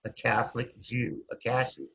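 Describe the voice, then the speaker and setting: A middle-aged man with a very husky, breathy voice tells his story in a loose, chatty way. His pitch swings up and down as he goes. The sound is dull and lo-fi. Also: moderate pace. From Hawaii. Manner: animated, jumps up and down in pitch, trails off with "anyways". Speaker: guest. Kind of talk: casual storytelling.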